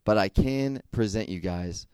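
A man's voice: fairly low pitch, unhurried, a little mellow, smooth, no room sound. Casual young man preaching. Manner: conversational, checks in with frequent "okay?". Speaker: youth speaker. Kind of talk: casual sermon.

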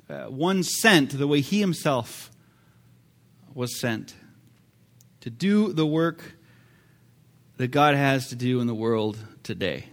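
A man's voice: mid-range voice, expressive, slow pace, pauses often, fairly bright tone. A man preaching a sermon, talking to his congregation in a conversational way, with fillers and sudden emphatic swells. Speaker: pastor.

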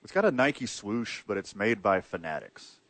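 A man's voice: on the low side, sing-song, normal speed, fairly bright tone, no echo. A man co-hosting a casual sports chat, tossing off wry, playful one-liners. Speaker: podcast co-host.

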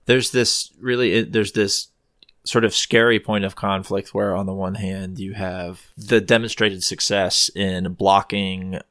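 Rambly podcast host guy, lots of ums, lowish voice, dry close mic. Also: fairly even intonation, unhurried, fairly bright tone, no echo. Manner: rambling, hesitant, full of ums and restarts. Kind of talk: casual chat.

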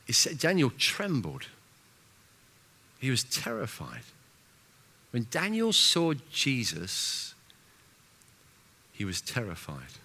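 Man, pastor, sermon, animated, self-mocking, bright voice. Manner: animated, self-mocking, with restarts and lively pitch swings. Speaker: senior pastor.

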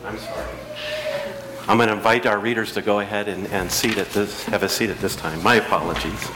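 A man's voice: on the low side, fairly even intonation, a little fast, background noise. A man preaching a reflective, emphatic sermon as pastor in a church. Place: church sanctuary.

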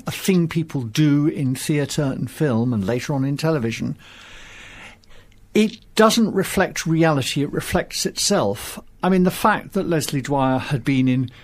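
A man's voice: a little high, lively intonation, unhurried. A man taking part as a guest in a conversational film discussion, talking articulately with wry opinions. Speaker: guest commentator.

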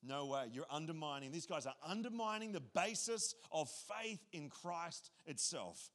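A man's voice: fairly high pitch, lively intonation, normal speed, fairly bright tone. A man voicing the apostle Paul as an indignant, emphatic man who exclaims in disbelief. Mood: alarmed. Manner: exclaiming, incredulous.

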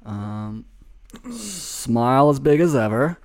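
A man's voice: mid-range voice, very animated, slow pace, a little mellow, no echo. A man hosting a casual script read, chatty and profane with loose restarts. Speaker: script reading host. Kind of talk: casual chat and script narration.

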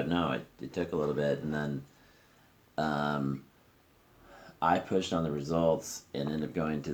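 A man with an extremely deep voice and heavy vocal fry talks candidly about his own story on a podcast. He swears freely and lets sentences trail off into fillers. He is recorded in a friend's living room. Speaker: podcast host. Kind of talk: casual conversation.

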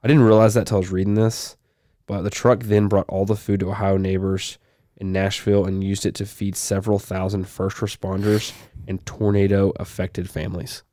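The young man co-hosting this relaxed podcast reads news aloud in a level tone at normal speed, with occasional loose asides. His voice is a little low and mellow, captured in a close, dry recording.

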